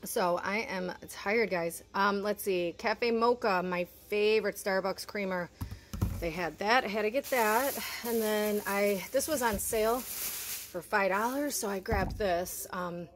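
At a measured pace, a woman with a mid-range voice walks viewers through the groceries she's unpacking at home, sounding a bit out of breath. It's relaxed talk to camera, and her chatty vlogger manner includes calling the audience "you guys."

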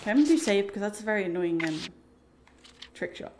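Expressive and quick-talking, a woman with a medium-pitched voice streams a video game, chatting casually as she laughs often and talks to the game and its creatures. It's casual let's-play commentary with audible background noise.

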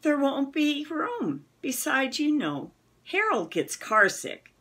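A woman voicing a patient, gentle mother who calmly explains things to her young son in a storybook. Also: high voice, takes it slowly, voice pushed up, full character voice. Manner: ever-patient, soothing.

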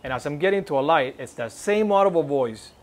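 This church speaker tells his own testimony briskly, his slightly high voice full of lively intonation. He acts out the dialogue and earnestly exhorts those listening.

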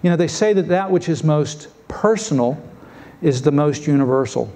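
A man preaching a sermon as pastor, lively and acting out the voices of biblical figures. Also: a little high, moderate pace. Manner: lively, acts out scripture voices. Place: church sanctuary.

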